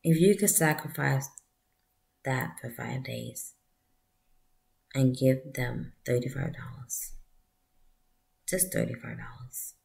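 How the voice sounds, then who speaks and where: A woman giving a heartfelt personal testimony, speaking softly and often dropping to a breathy near-whisper, with earnest appeals to the listener. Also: very deep voice, takes it slowly, long pauses. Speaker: vlogger sharing a personal story.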